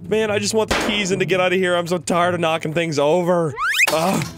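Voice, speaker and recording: A man hosting a game role-play video, excitable and jokey, yelping and gasping as he plays. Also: high voice, fairly quick, heavy background noise. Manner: excitable, yelps and gasps, jokey. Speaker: gaming channel host.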